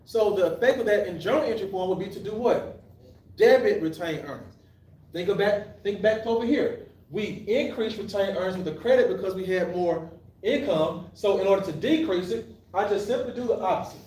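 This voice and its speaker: High-pitched male teacher in an echoey room. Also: brisk, darkish tone. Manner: asks the class questions and answers them himself, restarts often. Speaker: accounting teacher. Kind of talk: live classroom lecture. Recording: echoey room, mic at a distance.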